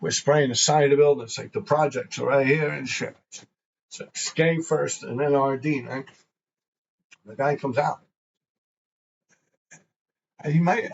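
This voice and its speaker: Gravelly New man telling old stories. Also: on the high side, dull audio. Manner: rambling, profane, laughing often. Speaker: graffiti show host. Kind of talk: casual storytelling.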